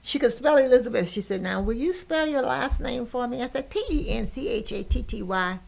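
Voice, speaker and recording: A woman's voice: fairly high pitch, expressive, fairly quick, vocal fry, a little mellow. An older woman hosting a podcast, telling a personal story with emotion and laughter. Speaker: podcast host.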